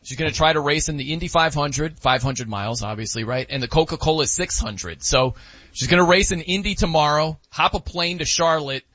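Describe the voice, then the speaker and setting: A man co-hosting a casual sports talk show, animated and laughing as he talks. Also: on the high side, fairly quick, no echo. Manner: animated, laughing, mimics wrestling announcers. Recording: dull lo-fi dry sound.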